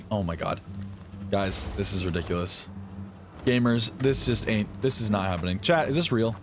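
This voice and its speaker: A young man giving live gameplay commentary, excitable and often yelping and swearing at enemies. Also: fairly low pitch, normal speed, music in the background. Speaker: streamer.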